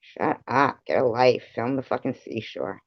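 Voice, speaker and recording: A man's voice: mid-range voice, normal speed, creaky, no echo. A man live streaming, ranting at his viewers in a profane, rambling and confrontational way. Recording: dull lo-fi live stream audio.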